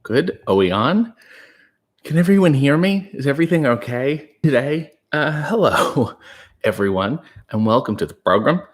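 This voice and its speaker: A young man hosting a casual livestream, reading chat messages aloud and answering with dry, deadpan jokes. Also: mid-range voice, normal speed. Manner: deadpan, dry jokey asides.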